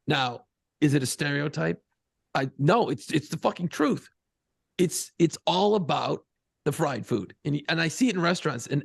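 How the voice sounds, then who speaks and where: Clean studio sound with no room tone captures a Buffalo, New York podcast co-host bantering casually, swearing, rambling and laughing often. His voice is on the high side, creaky and husky.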